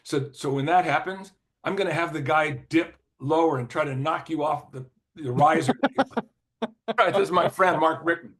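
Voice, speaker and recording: A man's voice: fairly high pitch, moderate pace. Older man telling a rambling story. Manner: rambling, lots of "you know" and restarts, clears his throat often. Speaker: interview guest, former record executive. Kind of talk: casual anecdotal storytelling.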